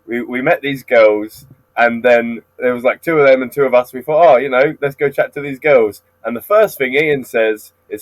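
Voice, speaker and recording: A man's voice: mid-range voice, moderate pace, no echo, rough recording. Teasing male podcast co-host. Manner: teasing, laughs often. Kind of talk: casual podcast chat.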